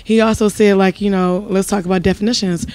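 A woman guest on a podcast, telling stories in a lively, casual way and acting out what people said. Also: mid-range voice, fast talker, dry recording. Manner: animated storyteller, acts out quotes.

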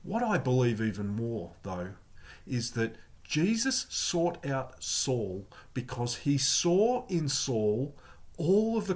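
Slow, earnest male preacher. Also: medium pitch, a little mellow. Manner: earnest, emphatic, with repeated phrases. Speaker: Salvation Army pastor. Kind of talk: sermon.

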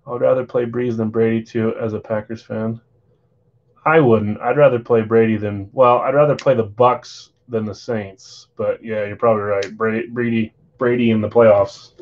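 A man's voice: on the low side, fairly even intonation, moderate pace. A man hosting a live card break stream, chatting casually while calling out bids and sales. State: yawning, tired. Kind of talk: live-stream auction chat. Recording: slightly dull lo-fi stream audio.

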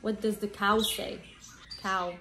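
A woman's voice: medium pitch, steady tone, slow. Playful woman vlogging with her parrot. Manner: playful, coaxing, sing-song when talking to the bird. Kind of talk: casual home vlog talk. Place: home, near a birdcage. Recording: loud background noise with bird sounds. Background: birds squawking and chirping.

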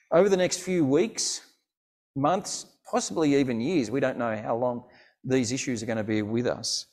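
A man leading an online church service, speaking in a slow, earnest pastoral way from a church. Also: mid-range voice, darkish tone.

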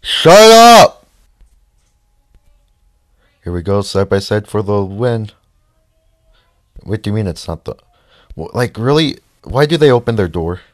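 A man giving casual gameplay commentary, reacting loudly to the race and muttering frustrated asides. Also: on the low side, normal speed, pauses often, no echo, studio quality. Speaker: let's play gamer.

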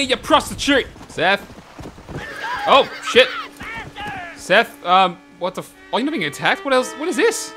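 High-voiced gamer guy yelling and swearing through a zombie game, super animated, bright sound. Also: measured pace, over music. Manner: loud, crude, shouts often and laughs at his own jokes. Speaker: gaming channel host. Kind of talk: profane comedic gameplay commentary.

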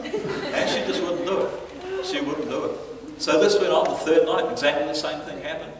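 A man preaching a sermon as pastor, telling stories in an animated way and chuckling between lines. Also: fairly high pitch, normal speed, hardly any pauses, noisy background. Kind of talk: storytelling sermon. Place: church hall. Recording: echoey church hall from a distance.

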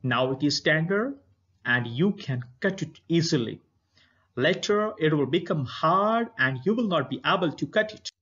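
A man with an Indian English accent reading the lines of a wise old bird who calmly gives advice in a storybook reading. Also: on the high side, dull audio. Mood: advising. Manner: measured, advising.

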